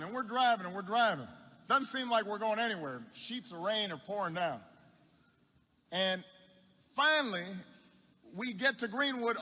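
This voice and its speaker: A man speaking at a campaign rally, telling a story slowly, repeating words for effect and restarting mid-phrase. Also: high-pitched, pushed and bright. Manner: unhurried anecdote with repetition for effect and halting restarts. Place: large university arena. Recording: echoey arena with long reverb.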